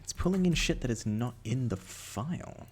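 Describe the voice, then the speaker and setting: A young Scottish man streaming live while he works, muttering to himself and breaking into loud, exasperated outbursts. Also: medium pitch, lively intonation, moderate pace, soft background music. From Scotland. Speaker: livestreamer rigging in 3D software. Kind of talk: casual live-stream chat while working.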